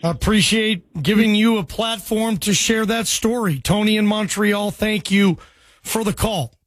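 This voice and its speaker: A man with a notably high voice hosts a sports radio call-in show, chatting with callers in a friendly, easygoing way. The sound is close and dry, like a studio booth. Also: measured pace, no room sound.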